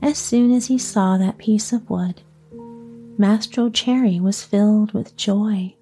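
Female storyteller for children's tales: soft, mellow, unhurried, drops to whispers. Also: mid-range voice, soft background music. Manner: soft, slow, partly whispered. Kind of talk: storybook narration.

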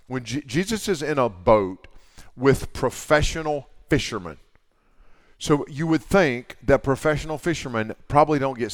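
A man speaking as a camp speaker to girls, giving an animated, folksy talk with slangy asides. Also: medium pitch. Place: camp meeting hall.

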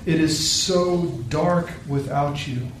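A man's voice: fairly high pitch, steady tone, takes it slowly, slight background noise. A man voicing a tired elderly widow, pleading and tearful. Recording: very echoey room, distant mic.

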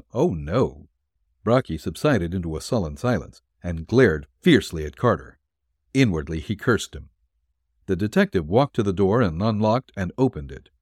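A man narrating a dime-novel detective serial as an audiobook, expressive. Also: low-pitched, dry recording, clean studio sound.

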